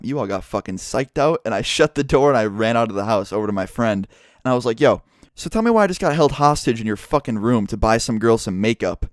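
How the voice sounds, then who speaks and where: A man's voice: mid-range voice, dry recording, studio quality. A young man vlogging a casual, profane storytime and acting out the lines of everyone in it. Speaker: YouTuber. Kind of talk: storytime vlog.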